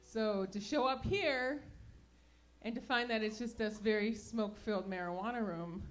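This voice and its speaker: A woman's voice: on the high side, normal speed. A middle-aged woman from the States doing stand-up in a small club, dry and self-mocking in her delivery. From United States. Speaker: comedian. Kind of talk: stand-up comedy. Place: small smoky comedy venue.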